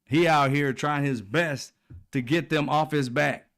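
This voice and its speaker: A man's voice: measured pace, fairly bright tone. Profane, mocking male political ranter. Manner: profane, mocking, laughs often, mimics people in high voices. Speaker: political commentary host. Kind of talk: animated political rant.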